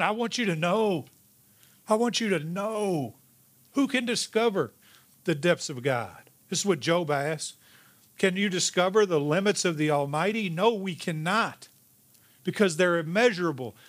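A man preaching a sermon as pastor, emphatic, rising in pitch and then dropping to a hushed, slow delivery. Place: church sanctuary.

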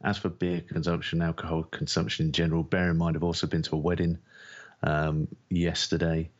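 Deep-voiced, laid-back podcast co-host. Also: male voice, monotone, fairly quick, highs cut off. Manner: laid-back, dry, grumbling. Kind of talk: casual podcast banter.

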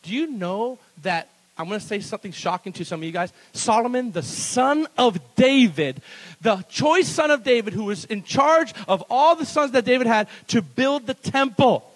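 A man preaching a sermon as pastor at a church service, animated and playful, breaking into laughs between bold declarations. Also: very high-pitched, normal speed, low-quality recording.

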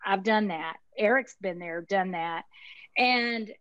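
On a dry, lo-fi recording, a Texas-accented woman in her fifties speaks slowly in a mid-range, fairly bright voice. A guest in a casual interview and owner of an insurance marketing organization, she's chatty, emphatic, and folksy, using Southern expressions.

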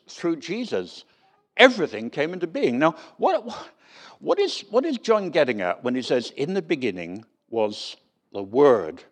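A man preaching a sermon with a lively, swooping voice that rises and falls widely. He tells stories animatedly, putting on voices for the people in them. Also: medium pitch. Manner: storytelling, animated, acts out voices in quotes.

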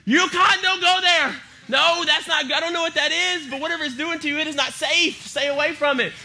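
A man voicing his eager, easily frightened male shepherd dog, who chatters excitedly. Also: on the high side, rapid-fire, voice pushed down. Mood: panicked.

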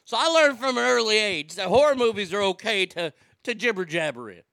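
Gravelly, high-voiced man on a rant. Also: expressive, brisk, bright, forceful tone, no room sound, studio quality. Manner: heated, swearing, indignant. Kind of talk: profane storytelling rant.

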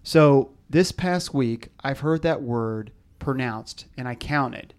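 Male podcast host, casual and rambling, mid-pitched, halting delivery. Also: darkish tone. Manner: rambling, halting, repeats himself. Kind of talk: casual chat.

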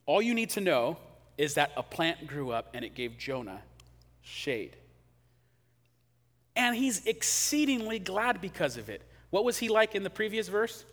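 A man preaches in a loose, conversational way and keeps slipping into acted-out quotes. His voice sits a touch high. A long hall reverb hangs after his words. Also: a little slow. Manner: conversational, animated, acts out quotes. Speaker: pastor. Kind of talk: sermon.

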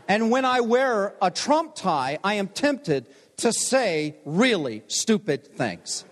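Older pastor guy preaching in a big chapel, fairly high voice, jokey storytelling, long echo trailing off. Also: very animated, slow, few pauses, a bit bright. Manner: storytelling, self-deprecating humor. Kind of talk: homecoming chapel sermon. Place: large chapel. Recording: long hall reverb.

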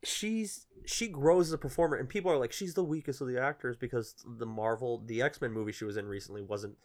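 Podcast host, man, mid-pitched, opinionated and sweary, loose casual talk. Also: a little fast, a little mellow. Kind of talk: casual chat.

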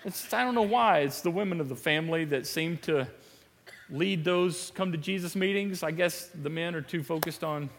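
A male pastor preaches with an animated, emphatic delivery. He repeats phrases and laughs easily. His voice is high and bright, and a long hall reverb carries it through a church sanctuary. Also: normal speed, creaky, slight background noise. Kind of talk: sermon.

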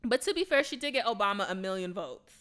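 A woman's voice: mid-range voice, fast. A young woman co-hosting a casual chat, telling stories dramatically and laughing often. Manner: animated, dramatic storytelling with lots of laughter.

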